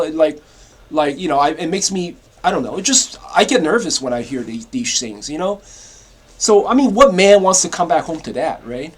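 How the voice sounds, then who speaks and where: A man with a notably high voice delivers a casual vlog rant. He rambles, doubles back on his words and stammers through restarts, with occasional profanity. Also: breathy edge. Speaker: vlogger. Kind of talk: casual ranting monologue.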